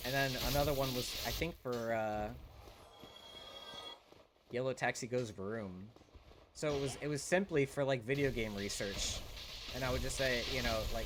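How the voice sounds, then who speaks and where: A man's voice: medium pitch, unhurried, long pauses, fairly bright tone, slight background noise. A young man streaming a video game, chatting casually with his viewers in a rambling, profane way full of restarts. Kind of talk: casual live-stream chat while playing.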